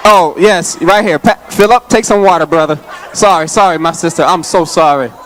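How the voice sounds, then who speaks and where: A man preaching in a church, his voice set a little high for a man. He jokes with the congregation and talks straight to them in a loose, casual way. He sounds out of breath, as if he has been running. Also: moderate pace, fairly bright tone, some chatter behind, slight background noise. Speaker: associate pastor. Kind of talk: lively Father's Day sermon. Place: church sanctuary.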